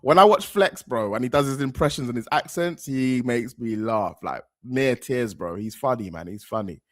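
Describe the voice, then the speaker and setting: A man's voice: medium pitch, lively intonation, moderate pace, few pauses, no echo, studio quality. A man hosting a football reaction channel, talking casually in a rambling way with slang and repeated phrases.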